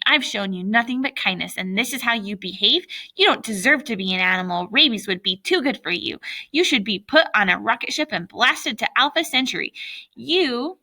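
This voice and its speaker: A woman, reading a story, voices a furious schoolgirl who scolds the boys and the dog. The voice is bright and sharp, with some vocal fry. It comes across as indignant and fierce. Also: medium pitch, full character voice. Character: girl, soft-spoken classmate turned furious.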